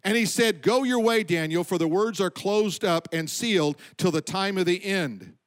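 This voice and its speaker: A man with a high voice preaches a sermon. He speaks with emphasis, slows down on his key points, and lets his voice fall low at the ends of lines. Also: clear, resonant tone. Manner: emphatic preaching, slowing for stress and dropping low at line ends. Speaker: pastor.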